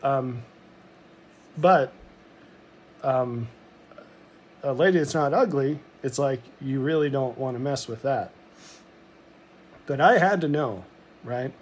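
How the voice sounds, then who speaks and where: A man's voice: mid-range voice, takes it slowly, long pauses, slightly rough. A middle-aged man from Montana telling a personal story in a rambling, reflective monologue, full of ums and restarts.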